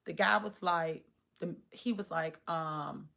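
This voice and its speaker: A woman in her thirties telling a personal story to the camera, animated and acting out her own past reactions. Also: sits low, slow pace, creaky. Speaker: vlogger. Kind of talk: storytime monologue.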